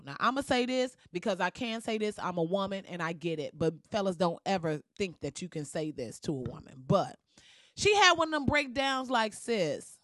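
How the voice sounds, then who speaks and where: A woman ranting in a blunt, profane and sassy way as she comments on someone else's video, with sudden jumps in pitch. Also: lively intonation, fairly quick, a bit bright, no room sound, studio quality. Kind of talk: casual reaction rant.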